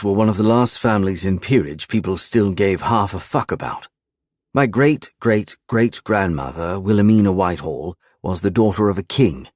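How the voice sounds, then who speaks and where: A man narrating a first-person romance audiobook in an expressive, dramatic reading. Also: deep voice, normal speed, no echo, studio quality.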